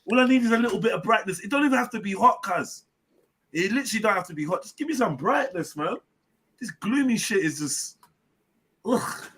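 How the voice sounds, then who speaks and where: Bright-voiced man, animated. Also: sits high, fairly quick, a little hiss or hum. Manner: animated storytelling with slang and swearing. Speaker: host and personal trainer. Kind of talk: casual live-stream chat.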